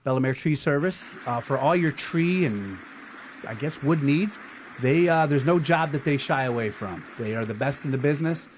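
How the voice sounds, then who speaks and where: A middle-aged man hosts a loose podcast chat in a mid-pitched voice. He needles his co-host with dry sarcasm and swears freely. He reads an ad read in the same offhand way. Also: animated, moderate pace, a little hiss or hum. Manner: sarcastic, profane ribbing. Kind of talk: casual banter.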